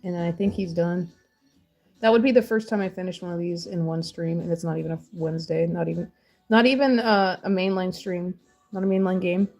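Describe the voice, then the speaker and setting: Chatty woman streamer with a mellow voice. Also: lowish voice, steady tone, fairly quick, faint music behind. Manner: chatty, rambling, laughs often. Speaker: crafting streamer. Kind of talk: casual chat while crafting.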